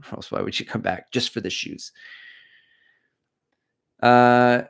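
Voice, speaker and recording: A man's voice: mid-range voice, fairly even intonation, slow, gravelly, a bit bright. A middle-aged man hosting a running livestream, chatting casually, cracking jokes and reading out viewers' comments. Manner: rambling, jokey, reads out chat comments. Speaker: running channel host.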